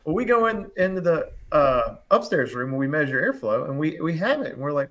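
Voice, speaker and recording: Young man, HVAC contractor, animated storyteller who acts out quoted voices, easy casual delivery. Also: a little high, fairly quick. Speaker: HVAC contractor, show regular. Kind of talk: casual storytelling on a live panel show.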